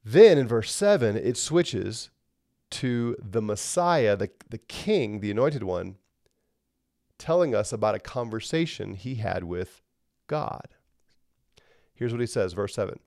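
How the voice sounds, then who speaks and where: A man's voice: fairly low pitch, sing-song, a little slow, creaky, pauses often, a little mellow, no echo, studio quality. A man teaching a Bible lesson in a conversational way, often checking in with the listener.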